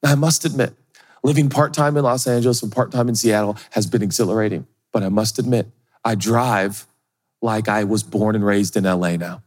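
A man's voice: lowish voice, brisk, in a large hall. A middle-aged male pastor preaching a sermon, funny and self-deprecating, often acting out other people's voices. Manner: animated, humorous, acts out quoted voices.

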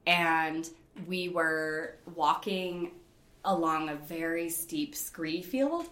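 Chatty woman, lowish voice, echoey room. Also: very slow. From Rochester, New York. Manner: animated, laughs often, many fillers. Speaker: interview guest, rock climber. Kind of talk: casual storytelling interview.

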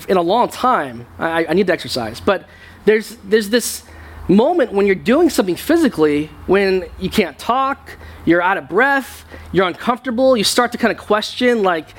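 A young man preaching to his congregation with a noticeably high voice. He talks the sermon through like a conversation and often restarts his phrases. It sounds like a church service. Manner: conversational preaching with frequent repeated words. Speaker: pastor. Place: church sanctuary.

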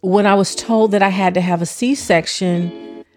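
A woman recounting a personal story, acting out her own past words in lively quoted asides and swearing freely. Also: medium pitch, a little slow, soft background music. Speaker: interviewee recounting her childbirth.

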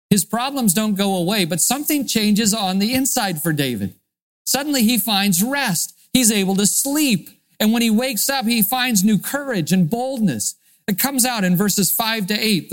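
A male pastor delivering a sermon in an earnest, expressive teaching manner. He explains scripture with conviction and leans into dramatic readings of the verses. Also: high voice.

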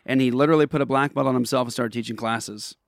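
A man's voice: mid-range voice, steady tone, quick pace, vocal fry, no room sound, clean studio sound. A man hosting a casual talk show, telling stories in a chatty way and laughing easily. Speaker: podcast host. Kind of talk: casual chat.

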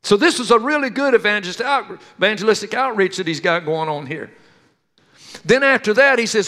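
A man with a high voice preaches to his congregation, telling stories with lively energy and calling out questions to the room. His words ring with a long reverb through a church hall. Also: brisk. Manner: animated storytelling with questions to the congregation. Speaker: pastor. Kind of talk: sermon.

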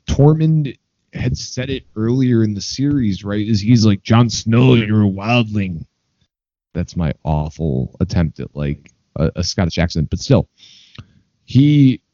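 A man's voice: medium pitch, animated, measured pace, mellow, no room sound, lo-fi sound. A man co-hosting a podcast, giving rambling hot takes in casual chat with lots of fillers. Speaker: podcast co-host.

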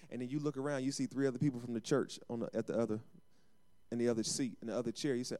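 A man's voice: mid-range voice, steady tone, very fast, darkish tone. A man preaching a sermon as pastor, calling for amens and acting out short everyday exchanges. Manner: call-and-response preaching with acted asides.

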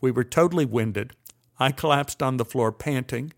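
A man's voice: mid-range voice, normal speed. An older man telling a personal story in a wry, dryly humorous way. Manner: wry, dry humor with acted-out quotes.

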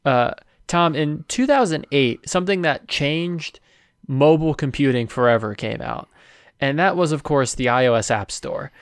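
Smooth-voiced podcast co-host, dry close sound. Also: male voice, a little high, animated, normal speed, no echo. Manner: chatty, runs the segment questions. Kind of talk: casual sports podcast chat.

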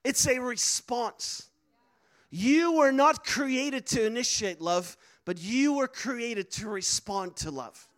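A man's voice: very high voice, slow, a bit bright. A man preaching a sermon, telling a personal story earnestly with many fillers and restarts. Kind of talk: sermon testimony.

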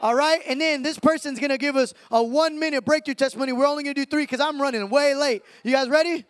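A man speaking on stage to a crowd at a ministry event, hyped and preachy, firing off quick asides. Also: very high voice, steady tone. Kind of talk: energetic stage talk to a crowd.

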